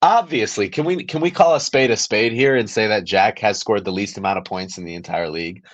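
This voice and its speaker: A man's voice: on the low side, fairly quick, dry recording. A young man co-hosting a casual fantasy football podcast, laid-back and teasing, laughing easily. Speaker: podcast co-host. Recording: dry, slightly dull podcast audio.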